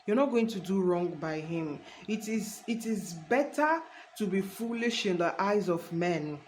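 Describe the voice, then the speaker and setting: A woman's voice: mid-range voice, lively intonation, a little slow, darkish tone, slight background noise, low-quality recording. Earnest woman preaching casually. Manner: earnest and preachy, addresses viewer as honey; rambling with restarts. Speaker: faith vlogger. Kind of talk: casual faith talk to camera.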